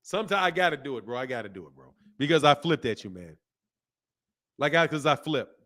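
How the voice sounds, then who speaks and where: A man hosting a boxing live stream, reading viewer comments and ranting in animated, slangy talk. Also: on the high side, fairly quick. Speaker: boxing channel host.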